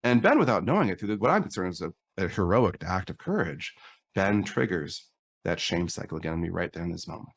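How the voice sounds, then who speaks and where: A man's voice: sits low, sing-song, a little fast, slightly rough. A middle-aged man on a podcast, candidly telling a personal story and acting out the dialogue. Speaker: podcast guest.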